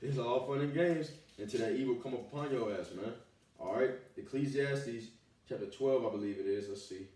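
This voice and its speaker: A man delivers a fiery street sermon, reading scripture and breaking off to curse and call out his listeners, with "all right" and "man" again and again. His voice has a mellow, dark tone. It comes from well away from the mic and rings in a heavy echo. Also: medium pitch, normal speed. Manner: preaching, with profanity and repeated "all right" and "man". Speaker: street preacher. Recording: echoey, from far off the mic.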